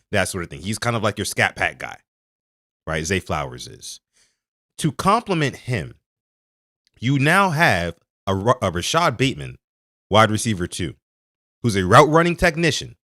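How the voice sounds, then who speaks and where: A man hosting a sports podcast, talking to his live chat in an animated way and stressing key words. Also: lowish voice, no room sound, studio quality. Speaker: podcast host.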